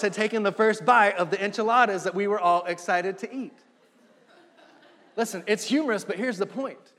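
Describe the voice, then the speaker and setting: A man's voice: sits high, moderate pace, a bit bright. A middle-aged man preaching a sermon as pastor, driving points home with repetition and rising emphasis. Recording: long hall reverb.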